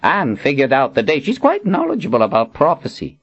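A man voicing a frail, excitable old male wizard with a thin, squeaky voice. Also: brisk, slightly rough, highs cut off, exaggerated voice. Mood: fussy excited.

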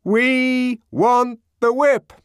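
A man voicing a mocking crowd of sightseers in an audiobook, chanting loud demands in rhythm. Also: extremely high pitch, level tone, extremely slow, clear, resonant tone, no room sound, clean studio sound, voice pushed up, full character voice. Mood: jeering.

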